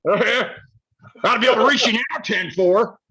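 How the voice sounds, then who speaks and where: A man chatting casually on a video call, rambling and laughing, cursing and breaking into loud outbursts. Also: high voice, normal speed, a little hiss or hum, poor audio. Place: house and backyard. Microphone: phone or laptop on a video call.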